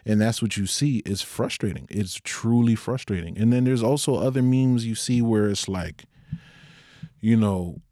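A man's voice: on the low side, moderate pace, warm tone, dry recording, clean studio sound. A young man speaking in an earnest, candid personal monologue, with occasional rueful laughs.

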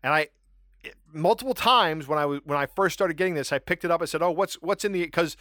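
Animated, self-mocking man chatting. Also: on the high side, fast talker, no room sound, studio quality. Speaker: podcast co-host. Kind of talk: casual chat.

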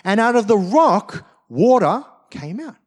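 A male preacher with a notably high voice delivers a sermon. He tells stories with animated energy, acting out quotes in different voices as he goes. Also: measured pace. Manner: animated storytelling, acts out quotes. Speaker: pastor.

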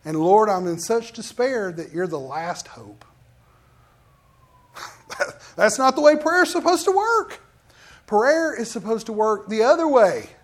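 Animated preacher man. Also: high voice, unhurried, pauses often. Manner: animated, acts out quoted prayers and Bible figures. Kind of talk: sermon.

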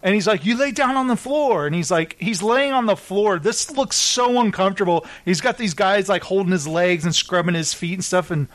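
A man hosting a casual chat show, recapping TV episodes with animated storytelling and acted-out quotes. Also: high voice, brisk, hardly any pauses. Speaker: podcast host.

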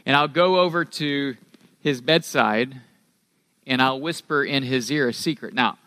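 A middle-aged man preaching a sermon as pastor, earnest, rising in pitch and force on key phrases and dropping to a soft near-whisper. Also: a little slow, no room sound.

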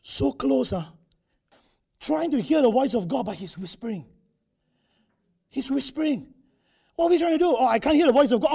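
A man's voice: extremely high pitch, vocal fry, warm tone, husky. A male preacher, giving a conversational sermon in a church, acting out quotes and using tag particles.

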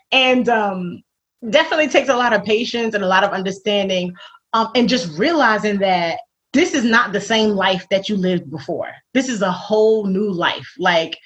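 A woman as an interview guest in casual faith-centred chat, animated and laughing often, acting out the voices she quotes. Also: medium pitch, moderate pace. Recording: dull lo-fi recording.

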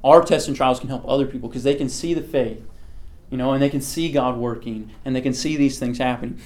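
A man's voice: mid-range voice, a little fast, darkish tone. A young man gives a casual youth sermon in a chatty, everyday way. He keeps checking in with his listeners and asking them questions. His talk is full of "like" and "okay" as he teaches. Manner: conversational, quizzes the listeners, many "like" and "okay" fillers. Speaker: youth pastor.

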